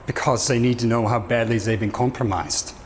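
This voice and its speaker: A man's voice: medium pitch, steady tone, brisk, a little hiss or hum, natural voice. An actor playing a sardonic male intelligence officer with a dry, wry way of talking.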